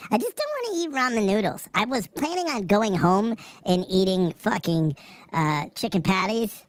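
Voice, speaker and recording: A young woman chats on a livestream, swearing freely and laughing often as she talks to her viewers. Her pitch rises and falls a lot, and the sound is dry and close with no room around it. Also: no echo. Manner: profane, chatty, laughs often. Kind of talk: casual livestream chat.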